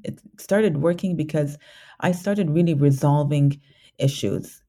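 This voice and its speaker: A woman guest in an interview, reflecting candidly on a personal journey, halting often with restarts and fillers. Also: a bass voice, expressive, mellow, slightly rough.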